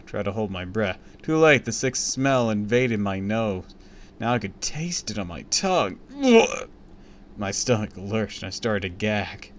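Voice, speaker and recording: A man's voice: on the low side, a little hiss or hum. A man reading a children's book aloud on a stream, breaking off with crude, joking asides. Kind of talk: casual read-aloud with commentary.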